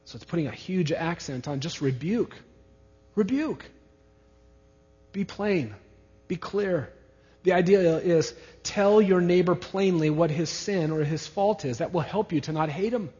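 A man's voice: on the high side, normal speed, few pauses, a little mellow. A male pastor preaching an expository sermon, who stresses his main points by repeating key words. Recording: reverberant hall, dull lo-fi sound.

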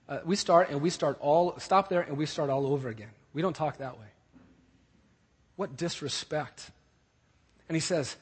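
A male preacher with a high, slightly husky voice, driving his points home by repeating short phrases. His voice rings through a church hall with a long reverb tail. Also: moderate pace, long pauses. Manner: emphatic, repeats key phrases. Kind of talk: sermon.

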